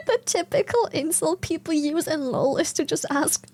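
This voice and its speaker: A young woman from Germany or the Netherlands streams and chats casually with viewers, her high voice expressive and slow. Giggly and free with swearing, she reads chat aloud.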